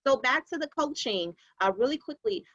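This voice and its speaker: Woman interviewer, bright higher voice, excited and encouraging. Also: normal speed, dry recording. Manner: enthusiastic, encouraging. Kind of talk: interview conversation.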